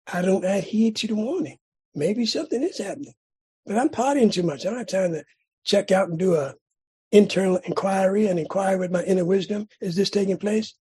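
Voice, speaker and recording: A man in middle age from California tells his recovery story to a meeting. His voice is strongly raspy, and he builds drama by repeating phrases again and again. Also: sits high, moderate pace, a little mellow. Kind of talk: personal recovery story share.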